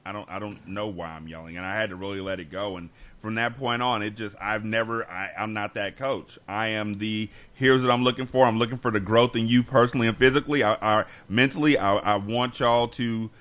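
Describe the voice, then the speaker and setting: A man's voice: medium pitch, a bit bright, lo-fi sound. A man co-hosting a podcast, talking candidly and reflectively, often restarting his sentences. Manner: earnest, reflective, with many restarts. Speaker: podcast co-host. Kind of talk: candid conversational talk.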